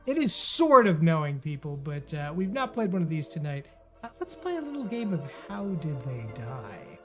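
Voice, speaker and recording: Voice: mid-range voice, big pitch swings, moderate pace, over music. Game show host joking around, playful and theatrical, voice swings up and down a lot. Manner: playful, theatrical, lots of fillers. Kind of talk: comedic game show banter.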